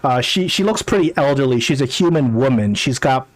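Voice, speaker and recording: A man's voice: mid-range voice, expressive, fairly quick, no echo. A man running a tabletop game as game master, narrating with hesitant fillers.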